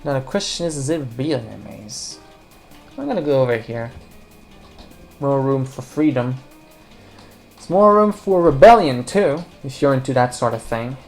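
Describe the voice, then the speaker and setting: Low-voiced woman rambling over gameplay. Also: moderate pace, creaky, pauses often, darkish tone, soft background music. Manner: rambling, jokey, talks to viewers and to game characters. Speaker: let's play commentator. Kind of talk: casual gameplay commentary.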